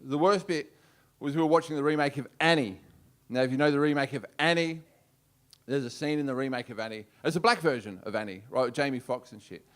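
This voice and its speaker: A man with an Australian accent doing a brash, swearing stand-up routine on a comedy club stage. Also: on the high side. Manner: brash, swearing, punchy delivery.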